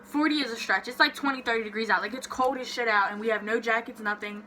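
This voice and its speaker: A young woman vlogger telling a story in a casual, animated way, swearing freely and saying "like" a lot. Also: fairly high pitch, fast talker, a little hiss or hum.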